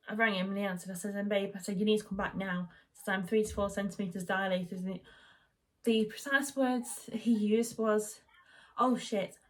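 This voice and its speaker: A young woman telling a long personal story in a chatty, rambling way, full of fillers and restarts. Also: medium pitch. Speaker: vlogger. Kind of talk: casual chat.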